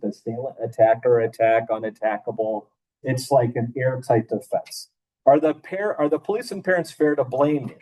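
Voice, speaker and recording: Husky, mellow-voiced man lecturing a class. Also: medium pitch, low-quality recording. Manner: conversational, rhetorical questions, repeats key phrases. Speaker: philosophy professor.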